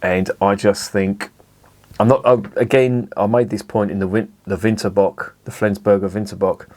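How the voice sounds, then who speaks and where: A man's voice: on the low side, steady tone, moderate pace, darkish tone. A man casually tasting and reviewing a beer, chatty and rambling as he savours it.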